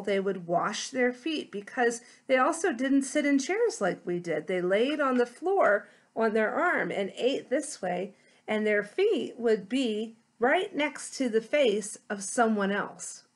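A woman deacon gently telling a children's Bible story and explaining it. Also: medium pitch.

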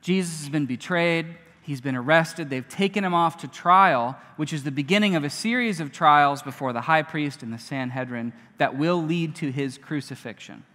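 A man preaching a sermon as a pastor, conversational and animated, often acting out what people say. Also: a little high, moderate pace, hardly any pauses, big-room sound. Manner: conversational, animated, acts out quotes. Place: church.

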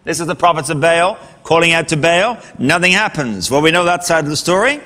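A male preacher with a high, ringing voice tells a scripture story with dramatic emphasis. His sermon carries a long reverb tail, as if it were recorded in a large hall. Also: a little fast, pushed and bright.

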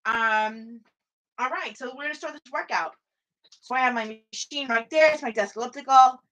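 Bright-voiced chatty woman vlogging. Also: high voice, moderate pace, rough recording. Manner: rambling, chatty, restarts often, talks to live chat. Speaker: vlogger streaming a home workout. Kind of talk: casual chat to viewers. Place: small room at home. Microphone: camera or phone at home.

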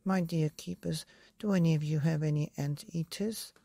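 A woman voicing an eager, excitable father in a bedtime story. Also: low voice, moderate pace, vocal fry, no echo, studio quality, voice pushed up. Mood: excited.

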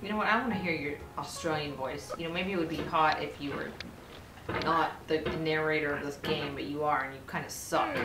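A woman's voice: deep voice, fairly even intonation, fairly quick, over music. A woman giving let's play commentary, exasperated and talking back to the game. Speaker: gaming video host. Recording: echoey room, distant mic, noisy.

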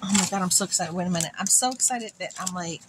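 A woman beauty vlogger unboxing friend mail, gushing and excitable, calling her viewers "girl". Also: fairly low pitch, fast, background noise.

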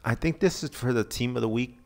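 Excitable man narrating gameplay. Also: medium pitch, a little fast. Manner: excitable, pleading with the game for good pulls. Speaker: gaming channel host. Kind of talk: casual game commentary.

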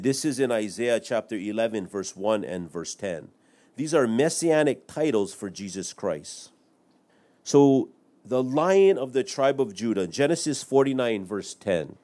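A man's voice: medium pitch, mellow. Man preaching an expository sermon. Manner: expository preaching with scripture citations and asides. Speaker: pastor.

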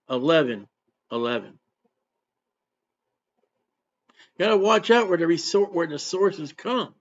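A man preaching in an emphatic, repetitive way, swinging from loud bursts to quiet asides. His voice sits a bit high for a man. The recording is dull and lo-fi. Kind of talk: sermon.

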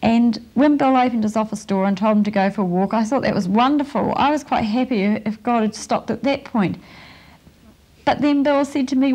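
A woman giving a testimony as a mother, earnest and halting, with emotion. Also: a little high, a little mellow.

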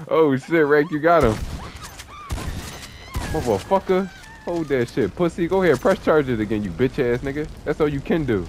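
A young man commentating his online gameplay, taunting and cursing at opponents in an excitable, profane way. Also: a little high, a little slow, slight background noise. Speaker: gamer streaming online play. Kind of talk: trash-talking gameplay commentary.

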